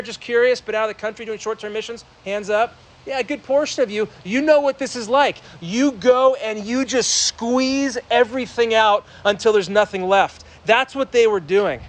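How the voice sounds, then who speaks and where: A young man preaching a sermon, his voice pitched high for a man. He half-shouts to carry to the back of a church sanctuary. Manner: loud projecting preaching voice. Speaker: pastor.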